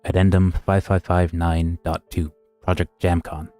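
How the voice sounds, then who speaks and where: Deep voiced guy sight reading on stream, some stumbles, dry sound, faint music. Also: flat delivery, a little slow, dark tone, no room sound. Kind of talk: sight-reading a horror wiki story.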